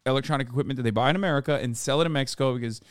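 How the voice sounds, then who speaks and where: A young man hosting a podcast, telling a story in animated, casual chat and acting out quoted people. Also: mid-range voice, very fast, smooth, no echo, studio quality. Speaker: podcast host.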